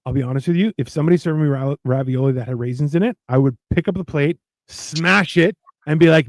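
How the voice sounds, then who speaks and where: Chatting casually while cooking on a stream he co-hosts, this middle-aged man tells stories with animation, curses, and voices the quoted lines himself. He talks fast with few pauses in a slightly high voice, and the recording is dry.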